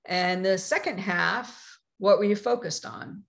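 A woman quoting her wise, patient old grandfather as he calmly teaches a lesson in a storytelling talk. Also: mid-range voice, unhurried, creaky. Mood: patient, teaching. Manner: calm, questioning, teaching.

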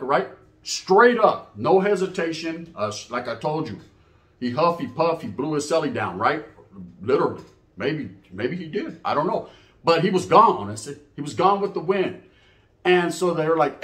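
A man's voice: on the high side, expressive, fairly quick, fairly bright tone. Profane storyteller man, roomy sound. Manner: profane, slangy, laughs at own stories. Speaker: storyteller recounting prison life. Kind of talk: casual storytelling monologue.

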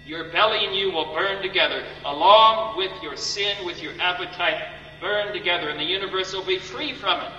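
A man with a fairly high, very bright voice preaches with fervent, dramatic force, often repeating himself for emphasis. He is recorded from far off in a long-reverb hall. The sound is dull, with a faint hum underneath. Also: normal speed. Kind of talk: sermon.

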